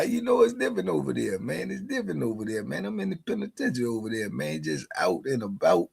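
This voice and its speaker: A man's voice: medium pitch, gravelly, slightly rough. A man hosting a live stream in casual chat. He laughs often and keeps asking "you dig?". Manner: laid-back slang talk, laughs often, asks "you dig?".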